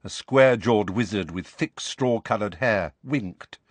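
A man narrating a fantasy novel as an audiobook reader, expressive storytelling. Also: lowish voice, measured pace, dry recording. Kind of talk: scripted narration.

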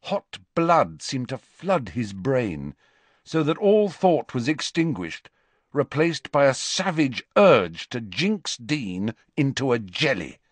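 A man reading a novel aloud as narrator, in expressive, measured storytelling. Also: mid-range voice, no room sound. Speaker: audiobook narrator. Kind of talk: scripted narration.

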